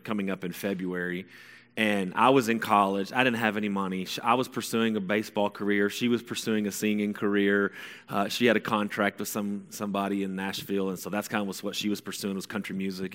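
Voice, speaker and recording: A forceful, bright-toned man in his forties tells a long personal story to an audience. He rambles and corrects himself, then bursts into high excitement. A long reverb from a big hall trails his voice. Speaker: speaker telling a personal story.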